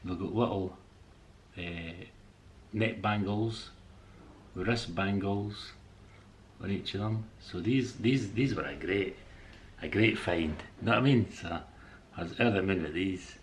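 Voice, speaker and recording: A man with a very low, deep voice talks through a casual home vlog. He rambles in a friendly way with hesitations and chuckles, while a faint room ambience sits behind him. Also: slight background noise. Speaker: artist and eBay seller showing a shopping haul. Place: indoors at home.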